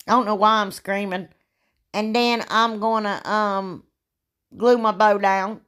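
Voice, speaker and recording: A woman, hosting a casual craft tutorial, chatty and rambling, with a sore throat that makes her clear it often. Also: mid-range voice, fairly even intonation, a little slow, fairly bright tone. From Ohio, United States. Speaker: DIY crafts channel host.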